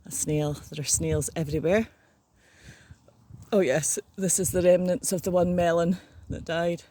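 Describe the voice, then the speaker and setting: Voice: medium pitch, steady tone, a little slow, mellow. An older vlogger chatting casually in a matter-of-fact way while working outdoors in a garden. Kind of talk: casual chat.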